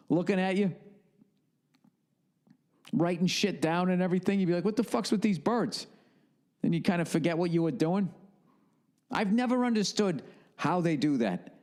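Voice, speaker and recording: Middle-aged guy ranting on his podcast, cussing a lot, kinda high voice. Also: moderate pace, pauses often. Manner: animated ranting, heavy swearing, acted-out asides. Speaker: podcast host. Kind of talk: comedic podcast monologue.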